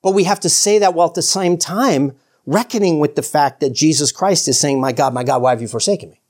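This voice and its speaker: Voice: mid-range voice, fast talker, darkish tone. A preacher giving an informal sermon, chuckling often and acting out biblical dialogue in a conversational way. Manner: informal, chuckles often, frequent "you know"; acts out biblical dialogue in quoted voices.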